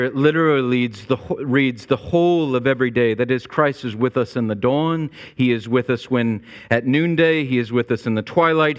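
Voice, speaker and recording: A man preaching a sermon as pastor, climbing to emphatic high peaks and then dropping low and quiet. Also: smooth. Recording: long reverb of a large hall.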